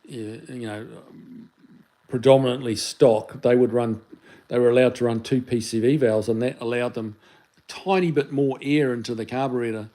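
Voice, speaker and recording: New Zealand man, mellow voice, live stream host, rambling chat, reads comments, phone mic in hand. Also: mid-range voice, steady tone, normal speed, rough recording. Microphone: phone held in hand.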